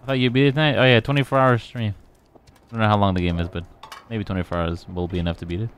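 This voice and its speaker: A man's voice: on the low side, steady tone, fast talker, slight background noise. A young man giving casual, joking and profane commentary while playing a video game, sometimes reading its dialogue aloud.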